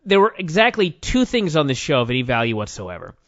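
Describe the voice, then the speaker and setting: A man's voice: a little high, wildly swooping pitch, fast talker, dry recording, dull audio. A man co-hosting a casual wrestling review podcast, ranting with sarcasm and a lot of swearing. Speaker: podcast co-host.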